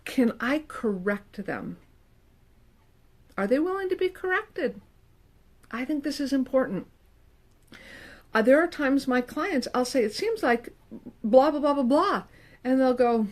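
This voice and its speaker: Animated woman counselor giving advice. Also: sits high, unhurried, long pauses. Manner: animated, emphatic, with playful quoted asides. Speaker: licensed professional counselor. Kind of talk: casual advice talk to camera.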